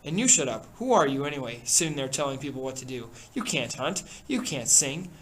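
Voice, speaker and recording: A man's voice: medium pitch, lively intonation, normal speed, a little hiss or hum, lightly acted. A man doing a bullying, wild boy hunter. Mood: contemptuous. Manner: shouting, contemptuous. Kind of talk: reading a novel aloud.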